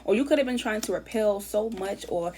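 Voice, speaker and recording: Rambling, fast-talking woman tarot reader. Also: mid-range voice, darkish tone, a little hiss or hum. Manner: chatty, rambling, repeats phrases; casual slang and swearing. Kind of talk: casual tarot reading.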